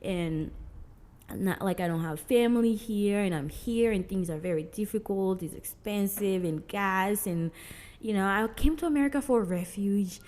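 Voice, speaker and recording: A woman's voice: mid-range voice, moderate pace. A young woman from Mozambique, a guest telling stories in a casual interview, acting out the dialogue with many fillers. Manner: animated, acts out quoted dialogue, frequent "like".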